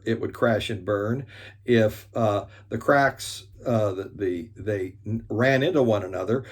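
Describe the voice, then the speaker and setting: A man giving an earnest motivational talk on resolving conflict. He leans on key points by slowing down and often restarts his sentences. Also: medium pitch, breathy edge.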